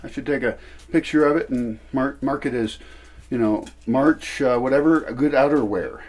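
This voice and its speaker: A man's voice: medium pitch, normal speed, darkish tone. A man chatting casually while he feeds dogs outdoors at night, wandering off and correcting himself as he talks. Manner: rambling, self-correcting. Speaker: vlogger feeding dogs. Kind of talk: casual vlog narration. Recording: noisy outdoor recording. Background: dogs barking and moving about.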